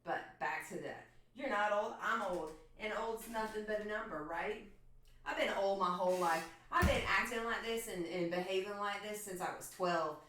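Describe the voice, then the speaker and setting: A woman's voice: mid-range voice, moderate pace, fairly bright tone, slight background noise. A woman chatting casually and swearing with her viewers while she paints in her home studio during a livestream. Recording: echoey room from far off.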